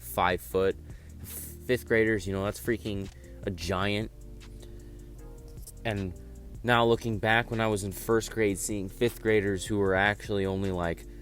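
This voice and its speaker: A teenage guy telling a school story casually, rambling with lots of fillers. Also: mid-range voice. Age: teens. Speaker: vlogger. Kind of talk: storytime vlog.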